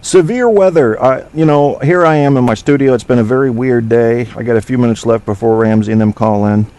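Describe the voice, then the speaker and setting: A man's voice: mid-range voice, steady tone, a little fast, a little mellow, clean tone. A man hosting a casual talk show from his studio, rambling through provocative, joking banter with plenty of fillers. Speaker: podcast host. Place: home studio.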